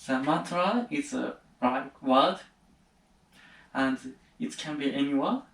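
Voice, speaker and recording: Guy, hesitant halting english, sounds far from the mic in a roomy space. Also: mid-range voice. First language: Japanese. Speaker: student, channel host. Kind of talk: casual chat, asking questions. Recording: roomy, distant mic, faint noise.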